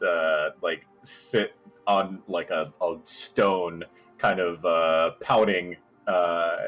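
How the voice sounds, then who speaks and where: A man narrating a tabletop game as game master, laughing often and pausing on many fillers. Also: low-pitched, fairly bright tone.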